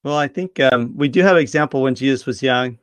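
A man's voice: medium pitch, fast talker, clear, resonant tone, dry recording. A man talking about faith in a casual discussion, earnest and appealing to listeners.

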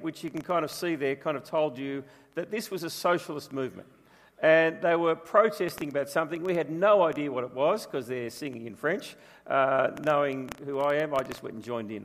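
A man preaching a sermon as pastor, telling stories in a chatty, humorous way. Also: on the high side. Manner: chatty storytelling with humour. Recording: long reverb from a large room.

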